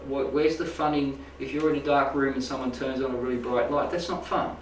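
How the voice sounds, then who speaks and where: A man's voice: mid-range voice, steady tone, fairly quick, slight background noise. Rambling man in an echoey room. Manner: rambling, checks in with "right?" and "make sense?". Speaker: spiritual healing teacher. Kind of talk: informal talk to a small group. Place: indoor room with a live audience. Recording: echoey room, mic at a distance.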